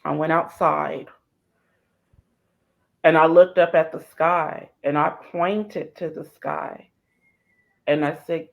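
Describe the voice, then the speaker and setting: A woman's voice: low voice, slow pace, creaky, pauses often. A woman, a guest on an interview show, telling a personal story with feeling and acting out the voices of the people in it. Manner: animated, acts out dialogue. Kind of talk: emotional storytelling.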